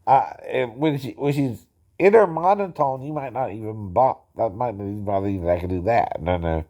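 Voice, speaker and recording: A man's voice: on the low side, expressive, fairly quick, warm tone. Man who caps every phrase with "right?". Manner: ends nearly every phrase with a questioning "right?"; chuckles often, a bit self-conscious. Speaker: amateur impersonator explaining singing impressions. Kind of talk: casual talking-head chat.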